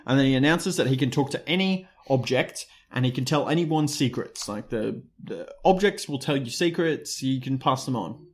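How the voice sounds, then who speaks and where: A man's voice: medium pitch, animated, moderate pace, few pauses. A man co-hosting a podcast, casually recapping a TV episode and chuckling as he talks. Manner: laid-back, chuckling, retells scenes in quoted voices. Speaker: podcast co-host.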